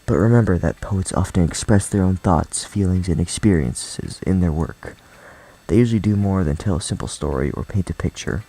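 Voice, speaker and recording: A man voicing a shy, bookish young woman who speaks in a soft, hesitant, gentle way. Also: sits low, moderate pace, husky, low-quality recording. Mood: timid.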